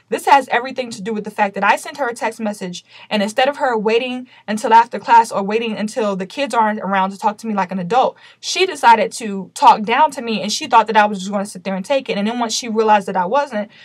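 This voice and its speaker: A mother telling a personal story to camera in a casual, animated way, full of indignation and emphatic quoted dialogue. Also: mid-range voice, dry recording. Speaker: vlogger recounting a personal story.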